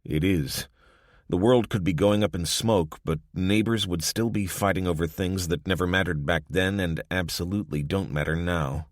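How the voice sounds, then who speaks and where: A man's voice: deep voice, moderate pace, dry recording, lightly acted. A man voicing a weary, watchful survivor who speaks in short, dry remarks. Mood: laconic. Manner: laconic, dry.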